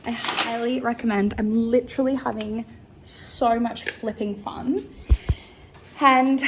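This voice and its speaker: A woman's voice: a little high, a little hiss or hum. A young Australian woman vlogging casually on her phone, chatty and bubbly, a bit stuffy with a runny nose. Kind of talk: casual travel vlog. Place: outdoors at night, walking home.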